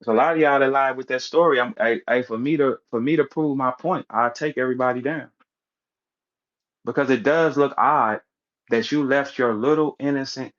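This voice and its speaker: A battle rap commentator with a mid-range, slightly bright voice goes on a casual, emphatic rant, repeating words and acting out the people he quotes. The audio sounds dull.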